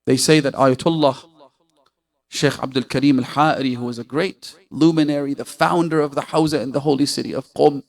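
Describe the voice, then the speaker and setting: A man's voice: fairly even intonation, a little fast, vocal fry. A man preaching a sermon, telling stories with passion and asking his listeners rhetorical questions. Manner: impassioned storytelling, asks listeners rhetorical questions; voice swells loud and high at emotional peaks.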